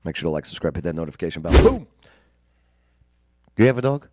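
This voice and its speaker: A man's voice: deep voice, very animated, fast talker, very noisy. A man hosting a casual chat, joking and sarcastic. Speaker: host.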